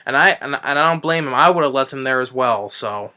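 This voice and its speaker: A man's voice: medium pitch, expressive, a little fast, pushed and bright. A man recapping a movie in a casual review, rambling with frequent restarts and swearing.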